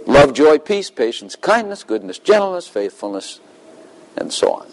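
A man's voice: on the high side, big pitch swings, normal speed, poor audio. Man preaching with easy laughter. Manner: conversational, laughs often, acts out dialogues with God. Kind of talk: sermon.

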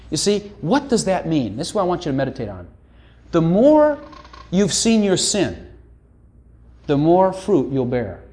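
Middle-aged guy preaching, chatty and teasing, voice sits a bit high. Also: darkish tone. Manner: conversational, teasing, keeps asking "hello". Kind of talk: sermon.

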